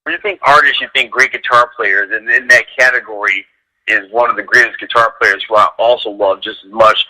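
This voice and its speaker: A man guesting on a radio talk show, telling lively stories about his work as a dog trainer and peppering them with "like". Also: fairly quick, rough recording. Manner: animated storyteller, heavy use of "like", acts out quotes in a higher voice. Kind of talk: casual radio chat, storytelling.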